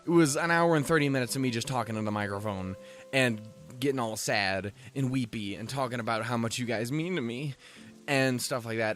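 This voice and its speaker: A man's voice: mid-range voice, a bit bright. Rambling, self-mocking let's play guy. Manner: rambling, self-deprecating, swears freely. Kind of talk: casual game commentary and reading.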